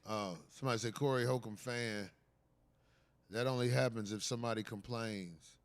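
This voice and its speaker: A middle-aged man hosting a comedy podcast, loud and profane, ribbing his co-hosts and boasting. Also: medium pitch, steady tone, moderate pace. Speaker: comedian host. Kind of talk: loose comedic podcast banter.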